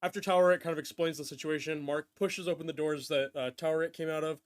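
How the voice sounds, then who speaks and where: A man's voice: on the high side, fairly even intonation, fast. A man hosting a casual podcast, recapping a show with loose asides and frequent laughs. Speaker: podcast host. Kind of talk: casual chat.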